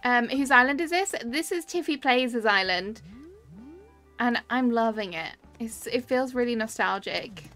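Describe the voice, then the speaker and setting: A woman's voice: a little high, expressive, unhurried, fairly bright tone, faint music behind. A British woman in her thirties chatting casually on a live stream, laughing often and reading chat comments aloud.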